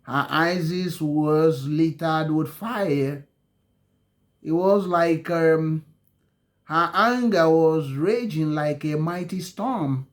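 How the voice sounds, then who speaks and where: A man telling a story in a halting way, with many ums and self-corrections and slow dramatic phrasing. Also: fairly high pitch. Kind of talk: spoken storytelling.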